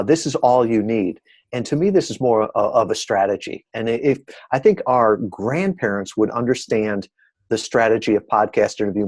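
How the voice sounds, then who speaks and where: A man's voice: on the low side, a little mellow, dry recording. Earnest man guest, dry sound. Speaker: podcast guest. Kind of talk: casual interview chat.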